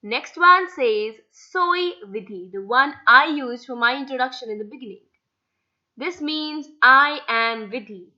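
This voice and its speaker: A woman's voice: sits high, lively intonation, unhurried, muffled recording. A young woman teaching a beginner language lesson, patiently spelling words out letter by letter. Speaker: Spanish language tutor. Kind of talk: slide-based language lesson.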